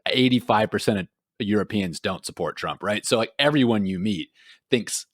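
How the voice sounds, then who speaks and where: A man's voice: lowish voice, moderate pace, no room sound, studio quality. A man from Houston co-hosting a casual podcast, telling stories with lots of laughter and acted-out quotes. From Houston, Texas. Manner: animated storytelling, laughs often, acts out quotes. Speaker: podcast co-host. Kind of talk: casual chat. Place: lives in Amsterdam, talking remotely.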